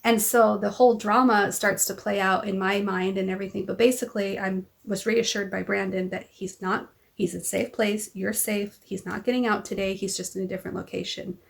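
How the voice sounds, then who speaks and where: Gravelly-voiced woman recounting events. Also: medium pitch, steady tone, a little fast, few pauses. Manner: rambling storytelling, acts out quoted dialogue. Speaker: vlogger; mother. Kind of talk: casual personal vlog chat.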